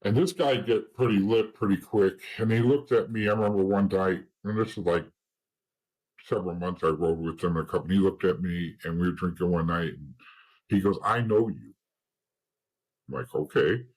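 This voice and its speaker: A man with a husky, slightly low voice talks as a guest in an interview. He tells his stories bluntly and casually, swears freely, and acts out the lines of the people in them. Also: a little fast, a little mellow, low-quality recording.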